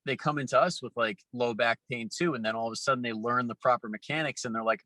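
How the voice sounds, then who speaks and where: A man hosts a podcast in relaxed, joking chat, his voice bright and forward. The sound is dry and close, with no room around it, and he leans on fillers as he talks. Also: mid-range voice, fast talker, hardly any pauses, no echo, low-quality recording. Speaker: podcast host, strength coach.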